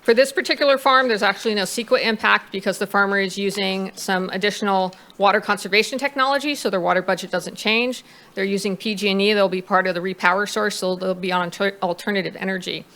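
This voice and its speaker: A woman's voice: medium pitch, fast, a bit bright. A woman consultant presenting to a planning commission, reading out figures with a few fillers. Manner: reads out figures, with some fillers.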